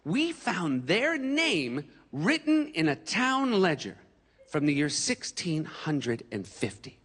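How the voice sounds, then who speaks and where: A comedian on stage doing an impression of a slow, solemn older male TV genealogy host, drawing out each phrase with dramatic pauses. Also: a little high, wildly swooping pitch, fairly bright tone, slightly rough, in a large hall, full character voice.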